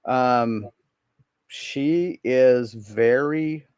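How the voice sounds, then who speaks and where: A man's voice: medium pitch, very slow, darkish tone, smooth, no room sound. A man narrating a tabletop role-playing game as game master, hesitant and full of ums and restarts.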